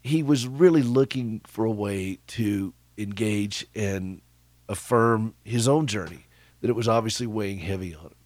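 A middle-aged man hosts a radio talk show, speaking in a fairly low voice. He tells stories conversationally, with a chuckle, and turns to his listeners with questions. The studio sound is dry and close. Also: moderate pace, a little mellow, no echo. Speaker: radio host.

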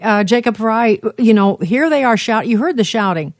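A woman's voice: fairly high pitch, animated, normal speed. A woman hosting political commentary, speaking emphatically with frequent restarts and fillers. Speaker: commentary host.

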